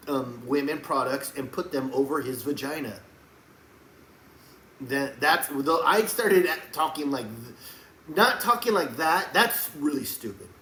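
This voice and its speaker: A man delivering a rambling faith monologue to camera, preachy and emphatic, often breaking into loud raised outbursts. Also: mid-range voice. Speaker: Christian video blogger. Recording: echoey room with faint background hum.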